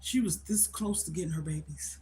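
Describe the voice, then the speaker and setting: A woman's voice: low voice, fairly quick, mellow. Chatty older woman telling a story. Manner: emphatic, repetitive, conversational. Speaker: livestream host. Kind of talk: casual livestream storytelling.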